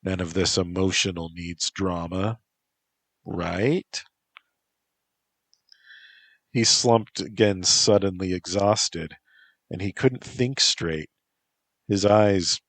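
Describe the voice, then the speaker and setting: A man's voice: deep voice, no room sound. A man reading his own story aloud in an unpolished style, with occasional slips and self-corrections.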